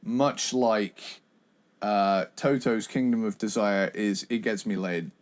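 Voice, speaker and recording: A man co-hosting a casual podcast chat, joking in an unhurried way. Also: lowish voice. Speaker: podcast co-host.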